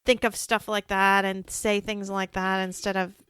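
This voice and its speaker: A woman's voice: mid-range voice, little pitch movement, moderate pace, fairly bright tone, clean tone, no room sound, clean studio sound. A woman hosting a podcast interview, talking earnestly and getting emphatic when something upsets her. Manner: earnest, grows heated and emphatic when indignant. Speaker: podcast host. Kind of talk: casual conversational interview.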